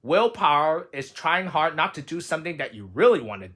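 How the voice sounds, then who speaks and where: A man voicing a calm, sensible frog. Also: fairly high pitch, a little fast, husky, exaggerated voice. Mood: patient. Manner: patient, reassuring explanations. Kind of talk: storybook reading aloud.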